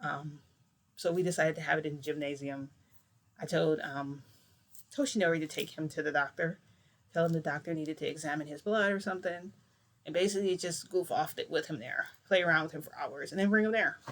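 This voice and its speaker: A woman's voice: deep voice, brisk. A woman vlogger telling a long story in a casual, rambling way, full of filler words.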